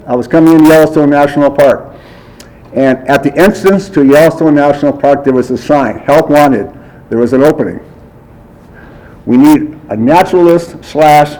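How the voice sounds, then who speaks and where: A man speaks at a memorial service through a podium mic, sharing stories about a friend. His voice sits a little high for a man. He chats easily, acts out the exchanges, and often breaks into a chuckle. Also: darkish tone, low-quality recording. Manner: chatty storyteller who acts out dialogue and chuckles often. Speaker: friend giving a eulogy. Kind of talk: memorial speech, anecdotal storytelling.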